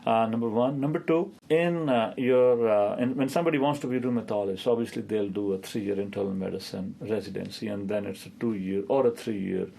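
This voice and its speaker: A man's voice: on the low side, brisk, gravelly, few pauses, warm tone. A man in his fifties, a rheumatologist, answering interview questions and telling stories with a hesitant delivery full of filler sounds.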